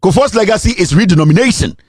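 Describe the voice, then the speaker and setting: A man's voice: high-pitched, expressive, fast, husky, no room sound, studio quality. A man with a Ghanaian accent, delivering an impassioned political rant full of repeated rhetorical questions and mixing English with Twi. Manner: switches between English and Twi, repeats rhetorical questions, at times sing-song. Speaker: political commentator.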